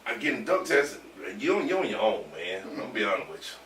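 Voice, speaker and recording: A man telling a rowdy story in casual chat, animated, laughing and swearing as he goes. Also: fairly low pitch, quick pace, slight background noise. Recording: roomy echo from far off with faint ambience.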